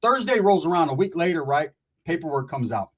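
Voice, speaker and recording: A man with a high, husky voice spins a rambling, profane story in street slang. He drifts between asides and punchlines in a loose, streetwise way. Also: big pitch swings, fairly quick. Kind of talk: casual storytelling.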